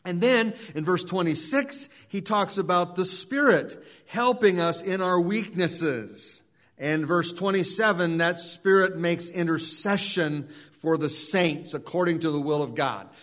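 A man's voice: high voice, unhurried, a bit bright. A man preaching a sermon in an earnest way, often repeating words and restarting phrases. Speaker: pastor.

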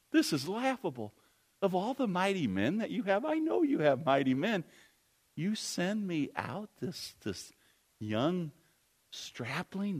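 A preacher playing a mocking giant warrior who scoffs at his foe in a booming voice while he retells the story in a sermon. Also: warm tone, husky, full character voice.

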